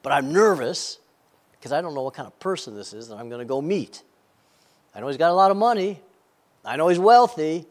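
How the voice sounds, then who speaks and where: A man's voice: on the high side, expressive, a little fast, pauses often, a little mellow. A man preaching a sermon, telling an illustration with frequent stammered repeats. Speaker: pastor.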